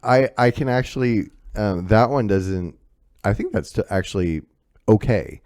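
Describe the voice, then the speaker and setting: Deep, dark-voiced man chatting. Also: no echo, clean studio sound. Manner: halting, searching for words, reacting with disbelief. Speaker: podcast co-host. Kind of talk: casual chat.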